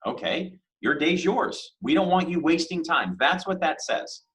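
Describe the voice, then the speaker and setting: A man teaching a casual business lesson, talking conversationally with rhetorical questions and lively emphasis on key words. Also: on the high side, a little slow, noisy background. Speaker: business instructor.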